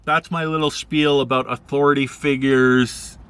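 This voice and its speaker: Laid-back male vlogger rambling through anecdotes, bright tone. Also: fairly even intonation, normal speed, clear, resonant tone, no echo. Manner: rambling, laid-back, acts out quoted people in higher voices. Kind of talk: casual storytelling.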